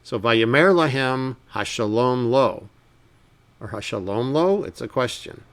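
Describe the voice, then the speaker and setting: Here the man's voice is medium-pitched as he teaches informal Bible Hebrew, taking verses at a slow pace and following them with relaxed explanations.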